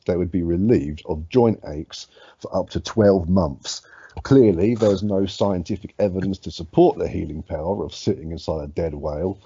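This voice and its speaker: A man's voice: deep voice, dark tone, slightly rough, no echo, muffled recording. A man co-hosting a casual podcast, sweary and laid-back, reading odd facts aloud. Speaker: podcast co-host.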